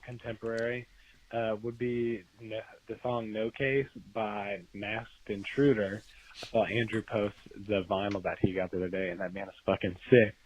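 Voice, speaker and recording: A man's voice: lowish voice, a little hiss or hum. Rambling man on a voicemail. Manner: rambling, lists points of business. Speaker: voicemail caller. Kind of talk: casual voicemail message. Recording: dull lo-fi voicemail.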